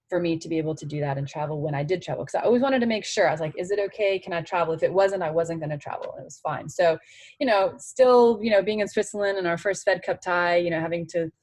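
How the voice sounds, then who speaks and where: A woman's voice: low voice, warm tone, no room sound, poor audio. A woman in her forties, a former tennis player, speaking candidly in an interview, full of "you know" fillers.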